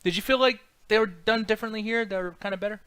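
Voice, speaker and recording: A man co-hosting a casual chat show, with a bright, fairly high voice. He talks excitably, swears a lot and acts out lines from scenes. His voice sounds dry and close to the mic. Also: fast talker, smooth, dry recording. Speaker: podcast co-host.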